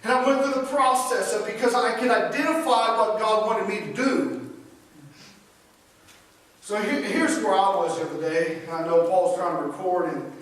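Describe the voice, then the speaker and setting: A man's voice: high voice, moderate pace, fairly bright tone. A man preaching a sermon as pastor, emphatic and repetitive in his phrasing. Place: church sanctuary. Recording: echoey hall from far off.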